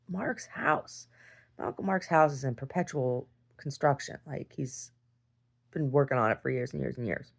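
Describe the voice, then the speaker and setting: Low gravelly woman telling a story. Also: a little mellow. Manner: rambling storytelling, voice rising when reliving a fight. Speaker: video diarist. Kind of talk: personal video diary.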